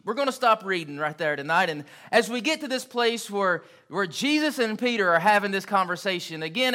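A preacher gives an evening sermon, earnest and emphatic. His high voice rings bright and forceful, and he repeats key phrases to hammer them home.

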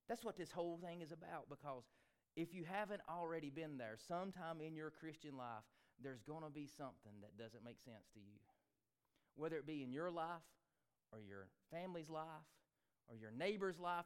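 A man preaching a sermon. His voice is smooth and resonant, sitting somewhat high. He swings between fervent, loud climaxes and quiet, earnest stretches. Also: a little fast. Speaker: pastor.

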